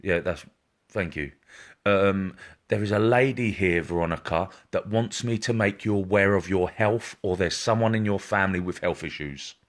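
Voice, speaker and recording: A man with a very low voice giving psychic readings on a live stream. He repeats himself, reassures often and calls viewers by name. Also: normal speed.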